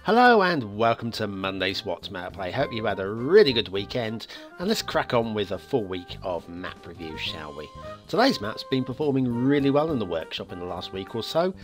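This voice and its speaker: A man hosting a game map review show, talking casually with many filler pauses. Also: lowish voice, sing-song. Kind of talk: casual video game commentary. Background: faint background music.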